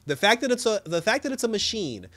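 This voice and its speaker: A man giving a casual, slangy recap of a TV episode, telling it in an animated way and laughing often. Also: high voice, fast talker. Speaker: TV episode reviewer.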